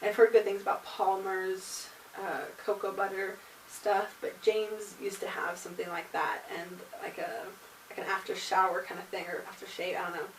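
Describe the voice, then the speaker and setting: A woman's voice: mid-range voice, little pitch movement, moderate pace, far from the mic. A young woman chats through a casual home vlog, peppering her talk with likes and ums. Her voice sits a little away from the mic in a roomy space. A faint hiss runs underneath. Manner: chatty, with many likes and ums. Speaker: vlogger. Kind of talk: casual pregnancy update vlog.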